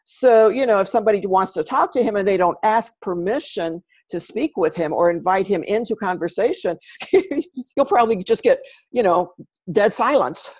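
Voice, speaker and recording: A woman, a guest animal communicator, telling stories in a casual interview and growing animated when quoting. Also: mid-range voice, normal speed, no echo.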